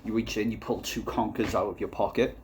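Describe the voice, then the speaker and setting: A man doing a casual comic vlog, rambling and swearing through a deadpan story while reviewing a beer. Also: on the low side, a little fast, a little hiss or hum.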